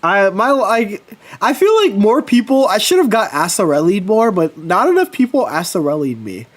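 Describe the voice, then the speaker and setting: Animated man telling stories on stream. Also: sits high, normal speed. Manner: animated storytelling, swears casually. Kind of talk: casual livestream chat.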